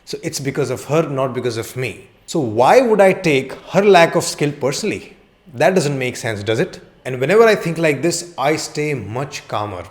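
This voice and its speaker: Man talking calmly to camera. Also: mid-range voice, moderate pace. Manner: direct, conversational, uses rhetorical questions. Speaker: counselling psychologist. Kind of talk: educational talk to camera.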